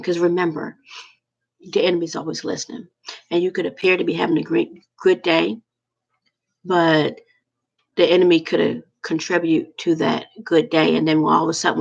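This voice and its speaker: A woman talking to her viewers in a rambling, halting, heartfelt way about prayer and loneliness. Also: fairly low pitch, gravelly, husky, highs cut off. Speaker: vlogger. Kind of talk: casual heartfelt monologue.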